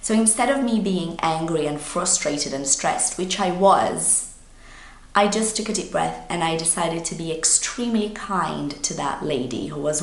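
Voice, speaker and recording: Lively woman telling a story, echoey room. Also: on the low side. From Brazil. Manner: animated, expressive storytelling. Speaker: English teacher. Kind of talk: casual storytelling for English learners.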